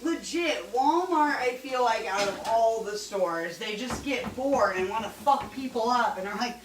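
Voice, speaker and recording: A woman's voice: fairly high pitch, animated, measured pace, few pauses, a little hiss or hum. A woman hosting a casual cooking show in her home kitchen, rambling, swearing and laughing as she cooks. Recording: roomy room, mic at a distance.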